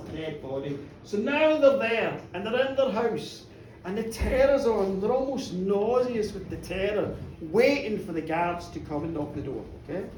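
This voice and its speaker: A woman's voice: medium pitch, a little mellow, slight background noise. A playful woman tells a darkly funny ghost story to a pub audience, with teasing asides. The mic sits well away, so her voice rings off the room. A faint pub murmur hangs behind her. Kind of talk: live comic horror storytelling. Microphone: room recording from a distance. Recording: echoey pub, heard from far off.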